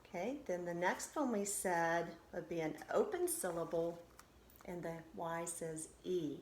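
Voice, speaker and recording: A woman's voice: fairly low pitch, animated, a little mellow, a little hiss or hum. Patient woman teaching phonics, echoey room. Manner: patient, sounds out syllables slowly and reassures. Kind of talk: recorded phonics lesson for children.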